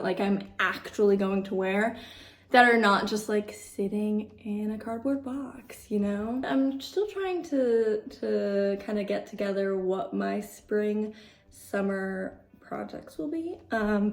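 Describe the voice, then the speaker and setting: A woman's voice: medium pitch, roomy sound. A young woman vlogging casually about her crochet projects, chatty and upbeat, packing her speech with fillers. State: out of breath. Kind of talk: casual chat.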